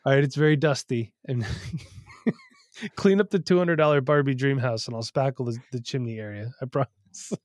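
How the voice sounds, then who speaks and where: A man's voice: medium pitch, normal speed, darkish tone, dry recording. A man in his thirties co-hosts a casual podcast from his home studio. He tells stories candidly and swears freely. The sound is dry and close. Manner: candid, profane, storytelling. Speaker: podcast co-host. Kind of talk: casual chat.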